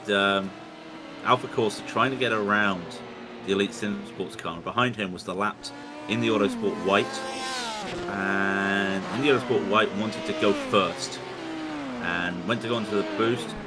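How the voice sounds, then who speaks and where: A man's voice: on the low side, steady tone, moderate pace, over loud music. A man commentating a sim race stream, chatting loosely, repeating himself and apologizing as he goes, speaking into a home computer microphone over a shaky internet connection. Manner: rambling, self-interrupting, apologetic. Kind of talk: live race commentary and chat. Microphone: home computer mic over unstable internet. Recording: noisy stream with connection dropouts.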